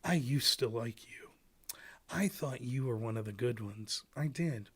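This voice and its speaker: Man doing a mock disappointed ex-fan, low and hushed, sulky, falsely sincere. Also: unhurried, husky. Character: mock disappointed former fan, whiny and soft.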